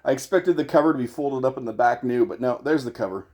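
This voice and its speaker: A man's voice: mid-range voice, fast talker, a little mellow. A middle-aged man hosting a casual gear vlog, talking in a chatty, rambling, self-deprecating way. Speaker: YouTuber and pedal demo host.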